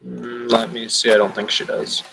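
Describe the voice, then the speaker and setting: A man's voice: medium pitch, flat delivery, moderate pace, vocal fry, a bit bright, slight background noise, rough recording. A man narrating as game master in a casual, rambling way.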